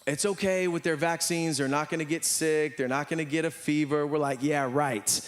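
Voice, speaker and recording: This American pastor's sermon comes in a fairly high, fairly quick voice. He tells animated stories to the church and imitates the voices of those involved.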